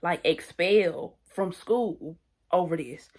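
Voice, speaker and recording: A woman voicing a man at a club who questions her calmly about an injury. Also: on the low side, slow pace. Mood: questioning. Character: grown man, calm questioning official at a club.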